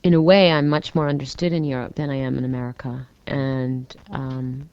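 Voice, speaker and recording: Low-voiced woman, relaxed and laughing. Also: normal speed, clean tone, no echo. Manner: relaxed, laughs often, answers plainly. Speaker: interviewee, recording artist. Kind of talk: casual interview chat. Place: hotel room. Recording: dull lo-fi dry radio tape.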